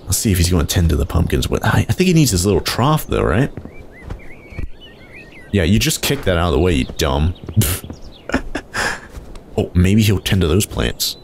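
A young man giving excitable, casual commentary while playing a video game, often exclaiming and laughing. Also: sits low, moderate pace, gravelly, long pauses, a little hiss or hum. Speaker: let's play host.

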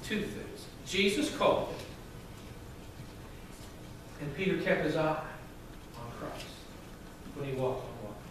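A male pastor preaching a sermon to his congregation, loud and emphatic, with asides to the room. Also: fairly high pitch, lively intonation, a little slow, pauses often. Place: church sanctuary. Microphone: microphone at a distance. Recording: very echoey hall, from far off, faint noise.

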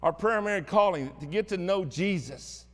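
A man's voice: sits high, moderate pace, big-room sound. A man with a Southern American accent preaching a sermon as pastor, telling stories in a folksy, plainspoken way. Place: church sanctuary.

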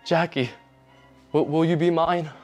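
A man's voice: on the high side, steady tone, unhurried, darkish tone, faint music behind, close to an everyday voice. A young man playing a stammering teen boyfriend. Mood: tender. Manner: hesitant, stammering. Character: nervous high-school boyfriend, young.

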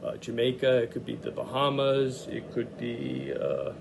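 Man, art teacher, gravelly voice, easygoing kids' lesson, sounds out letters, faint hiss behind. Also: medium pitch, unhurried. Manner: talks through his drawing, sounding out letters; relaxed, thinks aloud with frequent "uh" and "okay".

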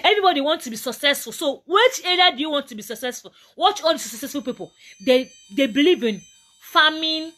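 A woman's voice: sits high, lively intonation, brisk, pushed and bright. A Nigerian woman giving a motivational talk to camera, emphatic and preachy, often repeating her points. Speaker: motivational vlogger.

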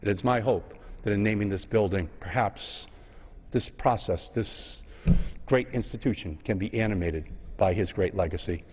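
A man in his sixties speaks from the floor of a large legislative chamber, the long reverb trailing each phrase. His oratory is slow and emphatic, broken by frequent pauses, and the sound is a little dull and muffled. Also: fairly low pitch, slightly rough. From Massachusetts. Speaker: congressman. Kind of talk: floor speech.

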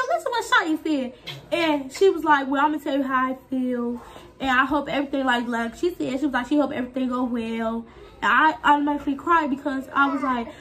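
High-voiced young woman telling a story. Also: a bit bright. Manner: rambling, repeats herself, quotes people in voices. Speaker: vlogger. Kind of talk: casual storytelling chat.

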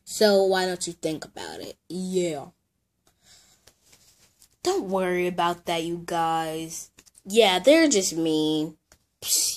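A woman's voice: fairly low pitch, animated, takes it slowly, long pauses. A woman playing out a doll scene, switching between playful character voices.

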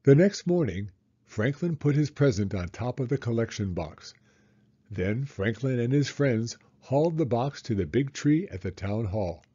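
Man, children's story read-aloud, animated pitch, muffled recording. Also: unhurried, husky. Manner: expressive, animated reading. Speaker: children's book reader.

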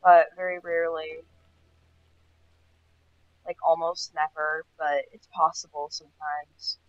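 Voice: medium pitch, level tone, slow. A gaming host with a stuffy nose, chatting casually through gameplay and getting startled now and then. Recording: dull lo-fi sound.

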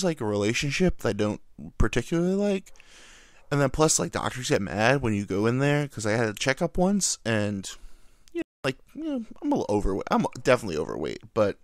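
A young man chats on his own podcast in a loose, rambling way, poking fun at himself. His pitch swings up and down a lot as he talks, and the sound is close and dry, with no room echo. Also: huge pitch swings, a little fast. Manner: rambling, self-deprecating, jokey. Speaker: podcast host. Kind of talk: casual solo chat.

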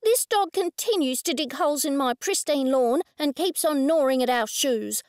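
A woman's voice: high voice, animated, normal speed, a little mellow, no room sound, pitched above the performer's own voice. A woman voicing a rude, overbearing middle-aged woman who snaps and demands, in an audiobook. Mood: snappish. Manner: snappish, demanding.

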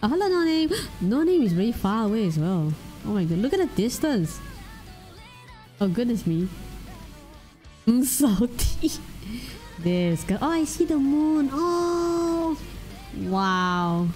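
A woman's voice: medium pitch, expressive, a little slow, long pauses, darkish tone, faint music behind. A woman streamer chatting casually and giggling while commentating a game.

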